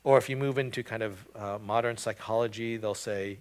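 A man preaching a sermon, earnest and emphatic, often restarting phrases and building to loud, rising stretches. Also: medium pitch, fairly quick, few pauses. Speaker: pastor.

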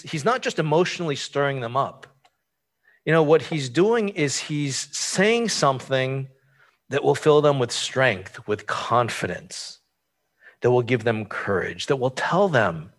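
A man's voice: medium pitch, animated, normal speed. A man preaching a conversational sermon, informal and explanatory, often asking rhetorical questions. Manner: informal, asks rhetorical questions, frequent fillers.

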